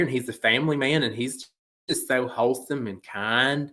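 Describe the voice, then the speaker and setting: A man's voice: mid-range voice, normal speed, pushed and bright. Playful man, casual chat. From Appalachia, USA. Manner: playful, talkative, jokes around with mock-Spanish bits. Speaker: guest actor.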